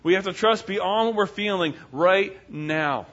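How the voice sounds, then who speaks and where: Male preacher, high-pitched, animated storyteller, muffled lo-fi recording. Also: a little slow. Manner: animated, folksy, acts out characters. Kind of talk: sermon storytelling. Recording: dull lo-fi sound.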